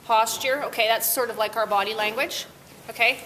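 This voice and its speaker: A woman's voice: fairly high pitch, steady tone, a little fast, pushed and bright. A woman presenter leading an interactive talk with teenagers, upbeat and asking the class questions. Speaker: workshop presenter. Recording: echoey room, faint noise.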